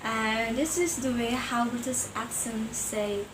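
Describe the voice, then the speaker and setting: A young woman reads her class presentation from notes, stopping to imitate example sounds. Her voice sits slightly high. Clear background noise runs under the recording. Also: steady tone, takes it slowly. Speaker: student presenter.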